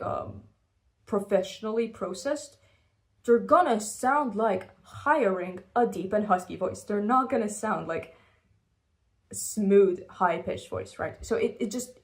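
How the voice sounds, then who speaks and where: A woman talking casually about her music, rambling and swearing, with many restarts, and slightly out of breath from holding her voice above its natural pitch. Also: darkish tone. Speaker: musician discussing her own songs. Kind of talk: casual self-interview monologue.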